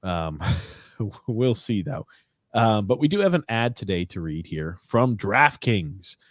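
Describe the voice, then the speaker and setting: A man's voice: lowish voice, very animated, slow pace, no echo, studio quality. A young man co-hosting a casual sports podcast, reading ads and comments in a rambling, joking way with many fillers. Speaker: podcast co-host.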